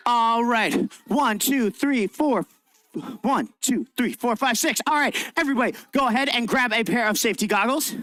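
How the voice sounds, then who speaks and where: A man's voice: sits high, sharp tone, no echo. A man presenting an interactive science demonstration for children, upbeat and theatrical as he directs the kids. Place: library event room.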